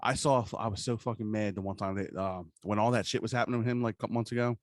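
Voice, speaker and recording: A man co-hosting a podcast in casual chat, an animated storyteller who swears a lot. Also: on the low side, fast talker, no echo, clean studio sound. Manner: animated storyteller, quotes others in put-on voices, swears a lot. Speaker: podcast co-host.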